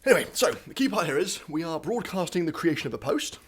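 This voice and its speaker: This young man streams himself coding from a standing desk at home, a bit winded as he narrates his thoughts with lots of ums and side remarks. He talks fast in a fairly high, slightly rough voice with big pitch swings.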